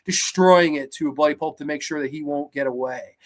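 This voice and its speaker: Man, horror show host, casual movie review, energetic, slightly high voice. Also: quick pace, hardly any pauses. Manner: energetic, animated retelling with fillers.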